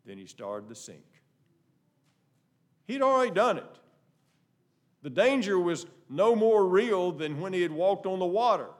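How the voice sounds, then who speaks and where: A man preaches a sermon in a fairly high voice that leaps and dips with lively inflection. He pushes hard on key lines, then drops almost to a murmur. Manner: animated preaching, swinging from loud emphasis to soft asides. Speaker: pastor.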